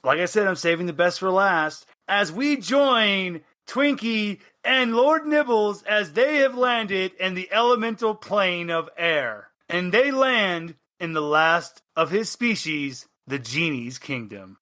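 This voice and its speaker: A man with a bright, forceful voice narrates a tabletop adventure as the game master. He sets up scenes with dramatic, playful storytelling, pitched a little above most men. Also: measured pace, hardly any pauses.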